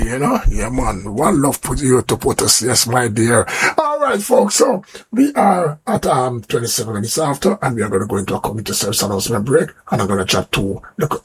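Gravelly Jamaican radio host, rambling. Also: male voice, medium pitch. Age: older. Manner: rambling, repeats words, slips into patois. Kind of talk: casual radio talk.

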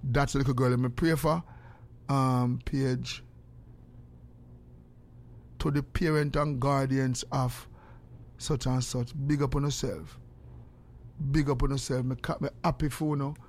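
A man's voice: medium pitch, unhurried, pauses often. An older man with a Jamaican accent, telling stories in a casual way, acting out the exchanges he quotes, and breaking into prayer. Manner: animated, acts out quoted exchanges.

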